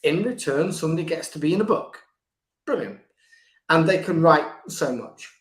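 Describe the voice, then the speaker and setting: An older man, a book coach, talking in a conversational interview, lively and restarting his sentences, sometimes acting out quoted voices. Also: fairly high pitch, moderate pace. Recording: echoey room.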